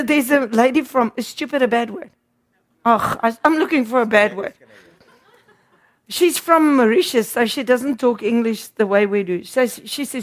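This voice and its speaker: A woman's voice: a little high, expressive, moderate pace. A woman preaching a sermon, emphatic and repeating words for stress.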